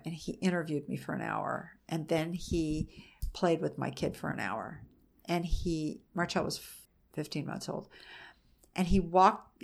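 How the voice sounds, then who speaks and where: A woman's voice: low-pitched, creaky. A middle-aged woman, a mother being interviewed, frankly recounting a personal story in a conversational way. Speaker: interview guest, mother of an autistic son.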